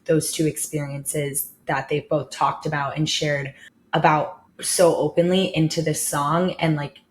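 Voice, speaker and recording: A woman's voice: deep voice, little pitch movement, measured pace, a little hiss or hum. A woman therapist reacting to a song in a casual video, talking in an emotional, gushing way and saying "like" a lot. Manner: emotional, gushing, heavy use of "like". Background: faint song playing.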